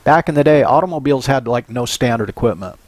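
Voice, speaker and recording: Older man, psychology lecturer, lively storytelling, dry close sound. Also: mid-range voice, quick pace, no echo. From Southern California. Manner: anecdotal and animated, often checks in with "right?". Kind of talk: recorded university lecture.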